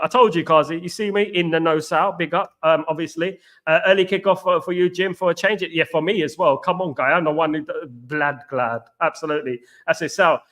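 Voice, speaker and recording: A man hosting a live football watchalong, chatting fast and repeating himself while greeting viewers by name. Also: on the high side, a bit bright. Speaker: watchalong host. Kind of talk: live stream chat.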